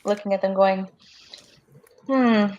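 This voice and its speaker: A woman's voice: medium pitch, steady tone, moderate pace, a little mellow. A woman player in a tabletop game casually narrates her character's moves in an ordinary mid-range voice. The recording comes through dull and lo-fi.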